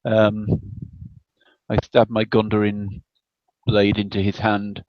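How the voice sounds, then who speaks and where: Slow, halting man on a dull mic. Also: lowish voice, completely flat delivery, no room sound. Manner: hesitant, halting with many ums. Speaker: player. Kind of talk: tabletop game play.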